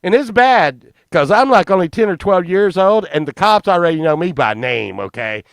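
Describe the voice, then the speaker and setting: A man in his fifties telling a rambling, profane childhood story, excitable and often laughing. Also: high voice, moderate pace, vocal fry, smooth, dry recording, studio quality. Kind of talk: casual anecdote telling.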